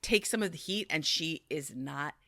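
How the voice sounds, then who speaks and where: A woman co-hosting a podcast in casual chat, retelling a show with animated storytelling and acted-out quotes. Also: sits low, moderate pace, no room sound, clean studio sound. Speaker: podcast co-host recapping a reality show.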